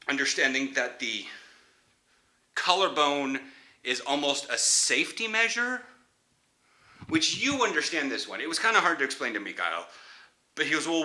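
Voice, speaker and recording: Young guy rambling to camera, very bright sharp voice, keeps restarting sentences. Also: medium pitch. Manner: chatty, laughs often, restarts sentences. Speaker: football player vlogger. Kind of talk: casual rambling chat.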